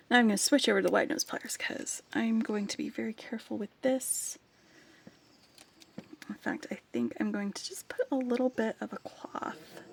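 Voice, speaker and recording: A woman with a higher voice and some gravelly fry talks slowly through a beading project in a relaxed vlog. She often drops to a hushed whisper as she works with her pliers. Her tone stays casual and unhurried. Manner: soft-spoken, often drops to a whisper while working; sings playfully to her dog. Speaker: jewelry-making vlogger. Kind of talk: casual crafting talk while working.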